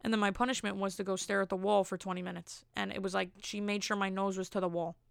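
A young woman hosts her own podcast, chatting through stories in a loose, self-amused ramble full of jokey asides. Her mid-pitched voice carries a gravelly fry, and the close mic sounds dry and intimate. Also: little pitch movement, fast talker, dry recording. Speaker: podcast host. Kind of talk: casual solo podcast storytelling.

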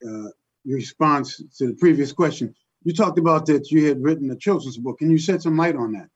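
A man interviewing a guest, asking questions in a halting, hesitant way. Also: fairly high pitch, breathy edge, highs cut off.

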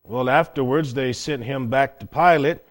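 A man preaching a folksy, plain-spoken sermon with storytelling, swinging between loud and hushed passages. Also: medium pitch, normal speed.

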